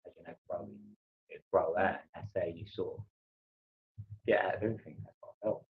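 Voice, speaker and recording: A man talks casually on a livestream, drifting from thought to thought. His voice sits fairly low. The stream audio sounds dull and lo-fi. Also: fairly even intonation, a little fast. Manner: rambling, loose and meandering. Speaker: livestream host. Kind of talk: casual chat.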